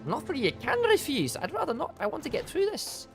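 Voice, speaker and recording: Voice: sits high, wildly swooping pitch, a little fast, faint music behind. A game streamer chatting casually while playing, thinking aloud and trailing off now and then. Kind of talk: casual live gameplay chat.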